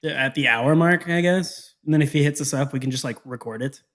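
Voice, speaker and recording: A man co-hosting a casual chat over a video call, trading teasing, quick banter. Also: medium pitch, a bit bright. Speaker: co-host.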